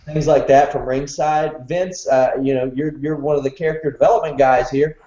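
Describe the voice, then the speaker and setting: A man's voice: fairly high pitch, fairly even intonation, normal speed, warm tone, roomy sound, highs cut off. A man hosting a wrestling podcast, chatting casually and reading an ad with a jokey edge. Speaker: podcast host. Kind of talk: casual podcast chat with ad read.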